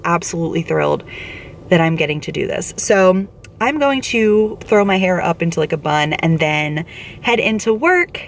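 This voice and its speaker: A young woman in her twenties chatting excitedly to her phone camera in a casual vlog. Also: fairly low pitch, normal speed, vocal fry, slight background noise. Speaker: vlogger.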